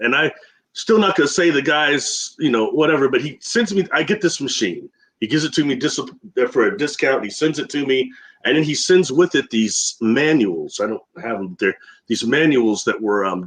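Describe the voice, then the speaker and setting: A man who is a guest on a radio talk show, telling rambling stories with frequent laughs and acting out the voices of people he quotes. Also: medium pitch.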